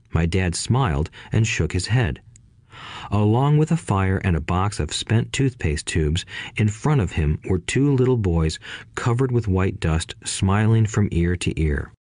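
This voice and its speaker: A man calmly narrating a first-person childhood story as an audiobook, in a measured storytelling manner. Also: sits low, no room sound, studio quality.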